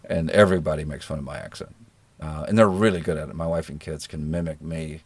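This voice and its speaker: Fields: Sex: man. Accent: generic American. Pitch: very low. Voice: husky. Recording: dry. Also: steady tone, quick pace, no room sound. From rural Georgia, American South. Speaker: guest. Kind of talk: relaxed conversational interview. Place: living in New Zealand.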